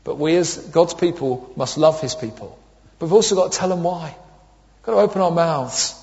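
A man in his thirties preaches with a high, light voice, telling funny stories and voicing the people in them. The sound is dull and lo-fi, with a long echo of a church hall. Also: moderate pace, darkish tone. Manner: humorous storytelling with acted quotes. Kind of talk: sermon.

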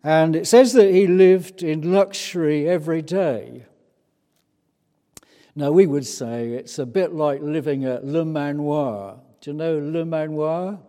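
A British man preaches slowly, his voice mellow and dark. He talks in an easygoing, chatty way, pausing often on hesitant fillers. The hall gives his words a long, echoing reverb. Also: on the high side. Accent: British English. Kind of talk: sermon.

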